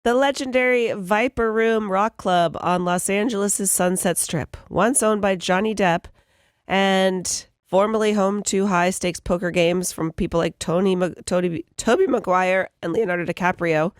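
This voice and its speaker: A woman co-hosting a morning radio show, reading entertainment news and telling stories briskly. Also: mid-range voice, no room sound, clean studio sound. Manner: brisk storytelling, bright laughs.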